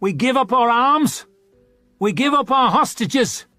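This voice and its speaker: A man voicing a rebel spokesman who emphatically declares terms of surrender, pitched well above his narrating voice. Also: expressive, a little slow, pushed and bright, no echo, faint music behind, exaggerated voice. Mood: demanding.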